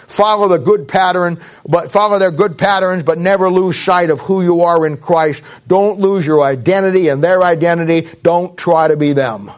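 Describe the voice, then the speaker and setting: Middle-aged male pastor with a high, lively voice, blunt folksy sermon delivery and sarcastic asides. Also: normal speed, hardly any pauses.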